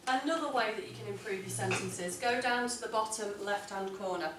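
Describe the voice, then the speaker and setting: An English teacher, a woman with a mid-range voice, leads a writing lesson in class, speaking clearly and deliberately and stressing key words as she reads model texts aloud. She sounds distant in an echoey room, with a faint hum of room noise underneath.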